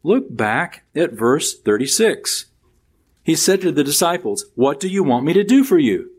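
A man preaching a sermon, reading scripture aloud and explaining it with lively rises and drops in pitch. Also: a little slow, slightly rough. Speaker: pastor.

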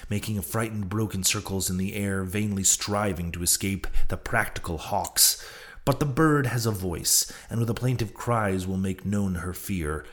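A man narrating an old sea novel as an audiobook, in a measured storytelling manner. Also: lowish voice. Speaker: audiobook reader. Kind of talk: scripted narration.

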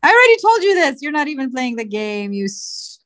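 A woman's voice: sits high, big pitch swings, brisk, fairly bright tone, no room sound. A woman co-hosting a casual chat show, blunt and teasing, with some swearing. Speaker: podcast co-host.

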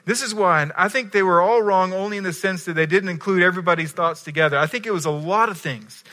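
A man's voice: high voice, quick pace, pushed and bright. A man preaching a sermon in a conversational storytelling way, often checking in with his listeners. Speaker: pastor.

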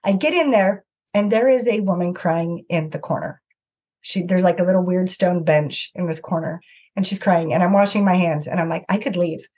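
A woman's voice: lowish voice, normal speed. A middle-aged woman, an author and podcast guest, telling personal stories earnestly and acting out the things people said. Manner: earnest, animated anecdote-telling with acted-out quotes. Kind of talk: conversational storytelling.

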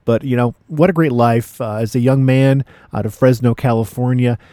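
A man's voice: mid-range voice, fairly even intonation, moderate pace, dark tone, no room sound, studio quality. A man hosting a radio music show, chatting in a laid-back way between records with frequent fillers. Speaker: radio DJ host.

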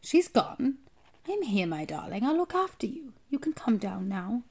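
A woman's voice: on the high side, sing-song, normal speed, breathy edge, pitched above the performer's own voice, heavily acted. Woman voicing a firm, loving grandmother. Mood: calling. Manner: firm, then tender. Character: elderly loving grandmother calling to a boy.

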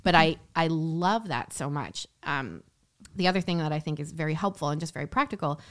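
A woman talking as a podcast guest in a casual, animated way, with lots of "like" fillers. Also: sits low. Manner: animated, fast, many "like" fillers. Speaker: guest, Catholic entrepreneur and business coach.

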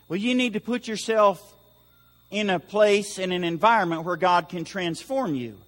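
A male pastor delivers a Sunday sermon with a high, ringing voice that swells for emphasis. His words carry a long reverberation through the church hall, and he mixes earnest exhortation with light humor. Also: moderate pace, a bit bright. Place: church sanctuary.

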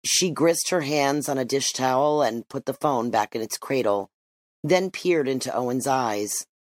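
A narrator reading a literary story aloud in an expressive, measured way. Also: mid-range voice, no echo. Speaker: audiobook narrator.

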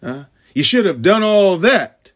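Man preaching, high voice, lively swooping pitch, call-and-response, shouts then hushed asides. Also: a little slow. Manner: call-and-response, frequent "huh?"; swings between loud shouting and hushed asides. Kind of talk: sermon. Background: congregation laughing.

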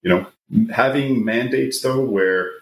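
A man, an immunologist guest on a podcast panel, speaking in a measured and hesitant way with many fillers. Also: medium pitch, vocal fry, a bit bright. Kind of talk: casual panel discussion. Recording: roomy remote audio with faint hiss.

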